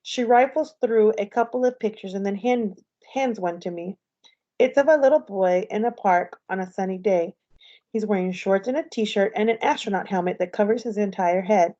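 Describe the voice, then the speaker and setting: A woman teacher reads a novel aloud, her storytelling voice steady at medium pitch and moderate pace. The tone is mellow and slightly dark, a little dulled by the lo-fi recording.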